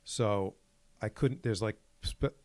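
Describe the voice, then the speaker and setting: A man co-hosting a podcast, chatting casually and getting animated as he acts out conversations. His voice sits a little low. The sound is dry and close. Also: takes it slowly, no room sound. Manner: animated storyteller who acts out quoted exchanges. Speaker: podcast co-host. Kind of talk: casual chat.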